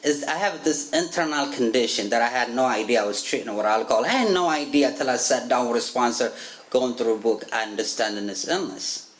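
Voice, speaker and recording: A man's voice: mid-range voice, brisk. A man from Africa with an African accent, giving a personal testimony at a recovery meeting, telling his story with frequent laughs and acted-out quotes. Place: meeting room. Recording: echoey room with faint ambience.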